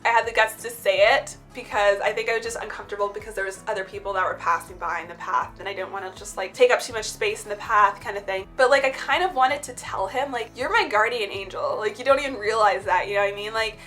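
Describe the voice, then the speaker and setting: A woman's voice: mid-range voice, fairly even intonation, fast talker, few pauses, sharp tone, faint music behind. A woman telling personal stories in a casual, heartfelt chit-chat vlog, full of "like" fillers. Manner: chatty, heartfelt, many "like" fillers. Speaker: spiritual vlogger.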